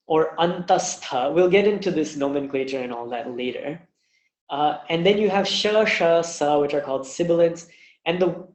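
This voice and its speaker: A man teaching an online language lesson, patiently demonstrating each sound slowly. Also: a little high, darkish tone, echoey room, rough recording. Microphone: webinar mic.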